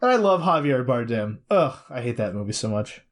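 Animated man in casual movie chat. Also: mid-range voice, fairly quick, slight background noise. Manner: animated, exclaims and groans in disgust.

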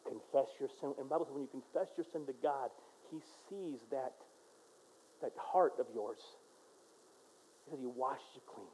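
A male pastor preaching a sermon, dropping to a quiet voice for prayers and rising to loud, emphatic exhortation. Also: medium pitch, moderate pace, pauses often, slight background noise, rough recording.

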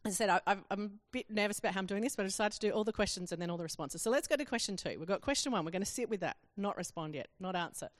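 Expressive woman preaching a sermon. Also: mid-range voice, rapid-fire, hardly any pauses, dry recording. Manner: expressive, acts out quoted questions with rising emphasis.

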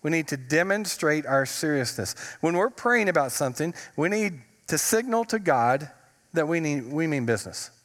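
A man's voice: on the high side, lively intonation, normal speed, a bit bright. A man preaching a sermon as a pastor, telling humorous stories and stretching out words for emphasis. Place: church. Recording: long reverb of a church sanctuary.

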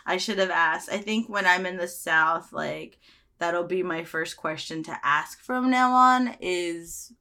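A young woman talks slowly and easily in a relaxed chat, often amused. Her voice is bright and a little sharp. She draws out her words without rushing. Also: on the low side. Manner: slow, amused, laughs often. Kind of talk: casual chat.

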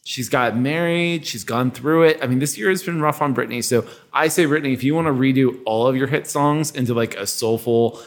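A man's voice: medium pitch, fairly quick, hardly any pauses. A man hosting a podcast, chatting casually in a playful, enthusiastic way. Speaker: podcast host. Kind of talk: casual chat.

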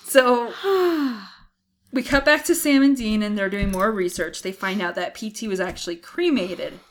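A woman co-hosting a podcast in an easygoing recap chat, her voice sitting at an ordinary middle pitch. She laughs often and slips into quoting lines from the show. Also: moderate pace. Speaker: podcast co-host. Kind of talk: casual chat, episode recap.

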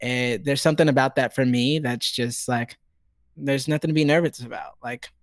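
A man's voice: medium pitch, normal speed, no echo. Chatty young man, dry close sound. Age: young adult. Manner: animated, chatty, heavy use of "like". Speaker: stage actor guest. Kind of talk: casual conversational storytelling.

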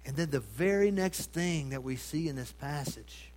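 A man preaching a sermon, asking his congregation rhetorical questions and swinging between loud emphasis and hushed tones. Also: a little high, expressive, moderate pace.

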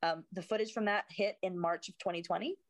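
Animated, swearing woman actor chatting. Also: lowish voice, fairly quick, dry recording. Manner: animated, swears freely, mimics voices. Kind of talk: casual chat.

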